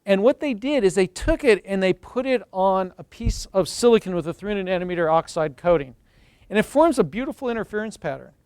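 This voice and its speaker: Enthusiastic high-voiced male science lecturer. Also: a little mellow, smooth, dry recording. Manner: enthusiastic, storytelling, addresses the audience directly. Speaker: chemistry professor giving a seminar. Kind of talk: university lecture. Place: lecture room.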